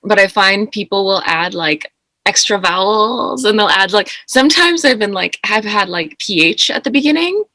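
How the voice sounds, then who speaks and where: Woman guest on a podcast, bright voice, dry close sound, chatty and laughs a lot. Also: mid-range voice, normal speed, no room sound. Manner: animated, laughs easily, chatty. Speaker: guest, motivational speaker and coach. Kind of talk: casual podcast interview.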